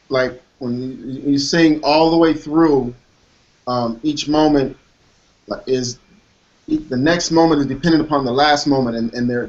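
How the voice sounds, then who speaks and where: A man's voice: medium pitch, highs cut off. A man interviewing a vocal coach, asking long questions full of ums and restarts. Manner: halting questions with many ums. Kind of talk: casual conversation.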